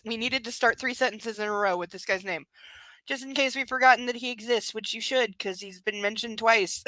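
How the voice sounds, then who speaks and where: A woman's voice: fairly high pitch, moderate pace, sharp tone, dry recording. A young adult woman doing a live reading of a book, breaking off into mocking, sarcastic commentary. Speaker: reader and commentator.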